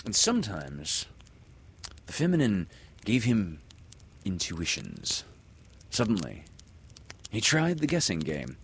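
A man reading a children's story aloud in an expressive, lilting storyteller manner. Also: sits low, slow pace, pauses often, a little hiss or hum. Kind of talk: storybook read-aloud narration.

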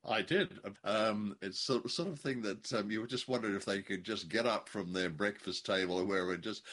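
A man's voice: lowish voice, a little fast, fairly bright tone. A man co-hosting a podcast, chatting casually with a wry, joking manner. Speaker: podcast co-host. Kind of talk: casual chat.

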